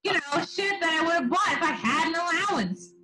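High-pitched young woman from long island, blunt, no filter. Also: lively intonation, fairly quick, poor audio. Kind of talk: casual chat.

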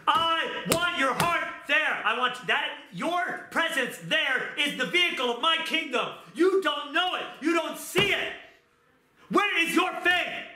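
A middle-aged male pastor preaching an impassioned sermon, moving from quiet talk to shouting. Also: very high voice, slight background noise. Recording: roomy echo.

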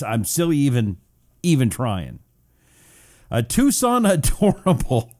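Lively, mellow-voiced male talk host. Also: mid-range voice, dry recording, clean studio sound. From Washington State, US. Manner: loose and chatty, drawling out words for effect, many "uh" fillers. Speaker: radio talk show host. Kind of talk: casual talk show monologue, reading out audience messages.

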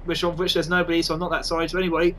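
A man casually commentating on his own game, excitable and self-mocking. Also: fairly high pitch, racing, rough recording. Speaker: gaming channel host.

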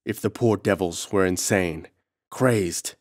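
A man's voice: low voice, slow pace, dry recording, studio quality. A man voicing a cool-headed scientist who speaks grimly and decisively, in an audiobook reading. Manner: grim, decisive.

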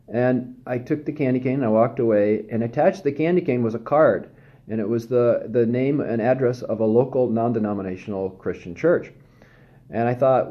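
A man from Southern California tells his personal testimony in a halting, candid, self-deprecating way. His voice sits at an everyday middle pitch. The recording is slightly dull and lo-fi. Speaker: testimony speaker.

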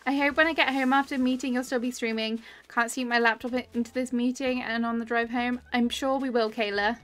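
A woman's voice: fairly high pitch, steady tone, a little fast, a bit bright. A British woman in her thirties chatting casually on a live stream, laughing often and reading chat comments aloud.

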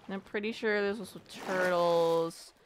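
A woman's voice: fairly low pitch, fairly even intonation, moderate pace, slight background noise. A woman giving casual, rambling gameplay commentary, muttering self-deprecating asides to herself as she plays. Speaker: let's play gamer.

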